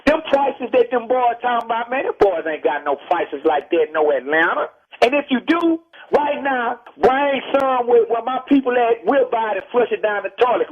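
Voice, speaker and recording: A man's voice: extremely high pitch, lively intonation, moderate pace. Blunt man on a muffled phone. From Texas. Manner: forceful, lecturing, blunt. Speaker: rapper interviewed by phone. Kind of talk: heated radio phone interview. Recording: muffled archival phone call.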